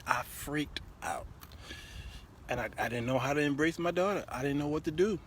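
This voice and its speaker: A middle-aged man hosting a talk show, telling stories in an animated, laughing way and often repeating himself. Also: a little high, moderate pace, slight background noise. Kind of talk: comedic storytelling monologue.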